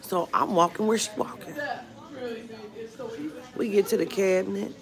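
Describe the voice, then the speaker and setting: A woman's voice: mid-range voice, steady tone, unhurried, crowd noise. A woman vlogger telling a storytime rant in a blunt, profane way. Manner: blunt and profane, retelling a run-in. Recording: music playing under the voice.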